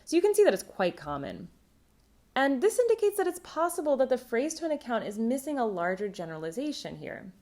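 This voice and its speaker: Reading from a prepared script, a woman gives a recorded academic conference talk in a measured, explanatory manner. Her voice is medium in pitch with a somewhat dark tone.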